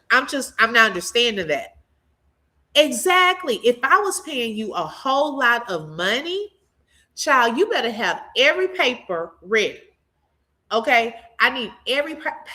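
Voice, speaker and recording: A woman hosting a casual live commentary, reading viewer comments aloud, chatty and animated, laughing often and talking straight to her viewers. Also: a little high. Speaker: channel host reacting to a court case.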